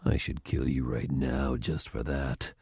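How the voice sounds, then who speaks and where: A man voicing a furious retired general who speaks in a low, cold, threatening way. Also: flat delivery, unhurried, creaky, a little mellow, breathy edge, no room sound, studio quality, full character voice. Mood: menacing.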